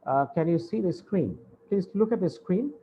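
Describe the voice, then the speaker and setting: A man's voice: high-pitched, lively intonation, normal speed. Male lecturer, patient explainer with many hesitations, dull video-call audio, faint hiss. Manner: explains patiently, repeating points with frequent "uh". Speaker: university English lecturer. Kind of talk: online lecture.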